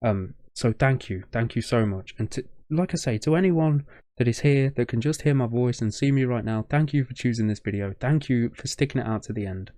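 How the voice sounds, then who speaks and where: A man's voice: medium pitch, a little fast, mellow, no echo, studio quality. A young man hosting a reaction video, choked up with a shaking voice, rambling and stumbling over his words in casual commentary.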